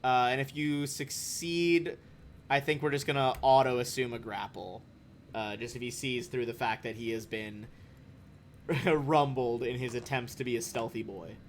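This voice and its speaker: A man's voice: medium pitch, fairly even intonation, a little slow. A man narrating as game master in a casual, swearing way. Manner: casual, laughing, swears freely. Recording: faint background noise.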